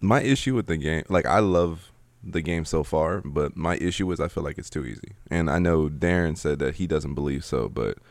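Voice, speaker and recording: Deep-voiced man in relaxed gaming chat. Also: normal speed, no room sound, studio quality. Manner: relaxed, hesitant with fillers and restarts.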